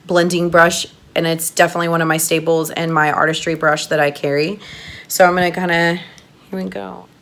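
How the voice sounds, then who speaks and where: A woman giving a chatty makeup tutorial, gushing and excitable as she talks to her viewers. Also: on the low side. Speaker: makeup artist doing a tutorial.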